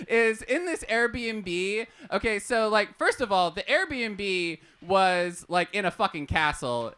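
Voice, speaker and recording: A woman from Portland performing a live stand-up set at a comedy cafe, animated and profane, laughing at her own jokes, on a handheld stage mic. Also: mid-range voice, clear, resonant tone.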